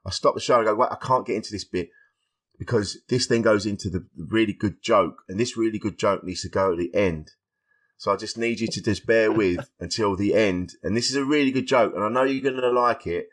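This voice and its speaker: A man, a stand-up comedian guest on a podcast, telling stories in a lively way and acting out the voices of people he quotes. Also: on the low side, brisk. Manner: animated storytelling, acts out quoted voices. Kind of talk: casual podcast interview.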